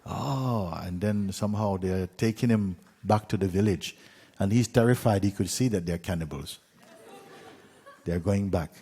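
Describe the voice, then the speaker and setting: Husky deep-voiced male teacher, unhurried storyteller. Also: long reverb tail. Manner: unhurried, with soft asides and light laughs. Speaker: spiritual teacher. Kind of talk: storytelling talk.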